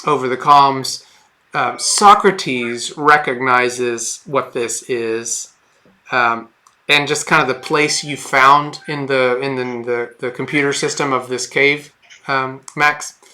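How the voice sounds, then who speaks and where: A man's voice: mid-range voice, steady tone, slow pace, bright, forceful tone. A man running a tabletop game as game master, narrating in a rambling, hesitant way with many fillers and restarts.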